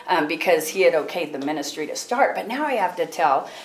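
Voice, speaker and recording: A woman leading a women's ministry, sharing a personal testimony with an audience in an animated storytelling way. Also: low-pitched, fairly quick, slight background noise, poor audio. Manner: animated storytelling, acts out her own prayers and other people's words; laughs often while telling.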